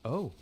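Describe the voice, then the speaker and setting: A man's voice: high voice, background noise. A man giving casual, playful gameplay commentary, musing aloud to himself. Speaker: streamer playing a game.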